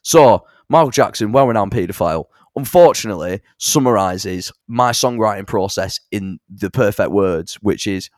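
A young man, telling stories in a casual interview about songwriting, animated and sweary. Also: lowish voice, normal speed, hardly any pauses, dry recording, studio quality. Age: young adult. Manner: animated storyteller, swears, fond of impressions. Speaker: songwriter and musician.

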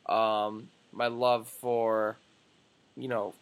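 A young man co-hosting a casual sports podcast, excitable and jokey, swearing often. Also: lowish voice, drawn-out words, smooth. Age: young adult. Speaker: podcast co-host.

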